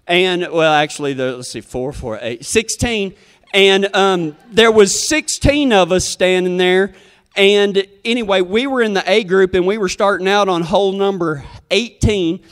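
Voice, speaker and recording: A man's voice: high-pitched, a little slow, a bit bright, smooth, in a large hall. A man telling a comic story in a folksy, rambling, self-deprecating way.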